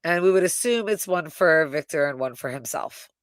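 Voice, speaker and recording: A woman co-hosting a live review, retelling scenes in an animated, casual way with frequent swearing and "right?". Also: deep voice, moderate pace, no room sound, clean studio sound. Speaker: co-host reviewing a TV episode. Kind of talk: casual live recap chat.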